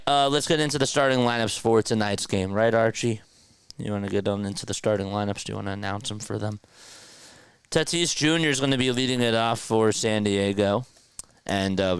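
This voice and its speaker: A man with a fairly low, clean voice hosts a casual play-by-play sports livestream from home, chatting loosely and reading viewer comments aloud. He records through a podcast mixer setup, with no echo.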